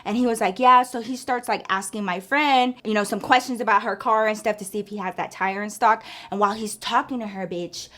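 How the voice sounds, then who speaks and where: A woman's voice: medium pitch, steady tone, brisk, few pauses, a bit bright. A woman vlogger telling a story in casual chat, swearing freely and packing her talk with fillers. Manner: profane, chatty, full of filler "like".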